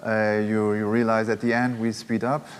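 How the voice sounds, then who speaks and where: In a big hall at a music academy, a workshop leader and percussionist explains rhythm at a moderate pace, his lowish voice barely varying in pitch. He hesitates, uses many fillers, counts beats, and chants drum syllables over long reverb and drumming.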